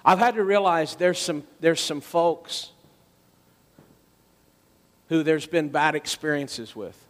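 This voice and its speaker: Male pastor, high voice, dramatic sermon delivery, long church-hall reverb. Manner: dramatic storytelling, swings from loud to quiet.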